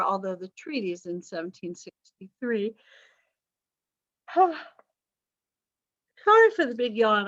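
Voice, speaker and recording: A woman's voice: medium pitch, no room sound, lo-fi sound. Chatty woman teaching history. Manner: chatty, wry asides, self-correcting. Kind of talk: online class lecture.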